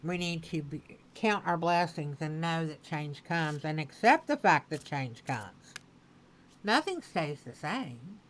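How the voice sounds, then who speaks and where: Low-voiced lady reading tarot cards, repeats herself, slow and steady. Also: slight background noise, rough recording. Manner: slow, repetitive, affirming phrasing. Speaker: tarot reader. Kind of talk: spoken tarot reading to camera.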